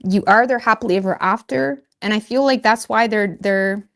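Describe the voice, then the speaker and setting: A woman's voice: medium pitch, normal speed, a bit bright. Chatty woman giving a tarot reading. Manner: chatty, laughs at herself, lots of "like" and "you know". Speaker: tarot reader.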